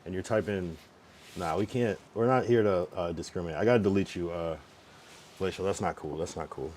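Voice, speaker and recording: A man's voice: sits low, a little fast, a little mellow, a little hiss or hum. A young man livestreaming, ranting at his chat in an irritated, swearing, casual way.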